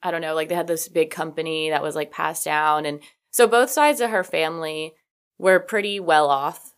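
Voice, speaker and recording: A woman hosting a podcast, telling a story in a casual, chatty way, with many "like" fillers and sassy asides. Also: deep voice. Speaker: podcast host.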